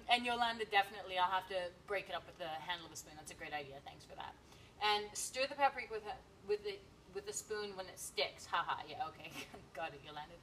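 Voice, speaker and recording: A woman's voice: medium pitch, a bit bright, distant mic, a little hiss or hum, low-quality recording. A woman hosting a live cooking stream, chatting to viewers and reading their comments with many fillers and giggles. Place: home kitchen.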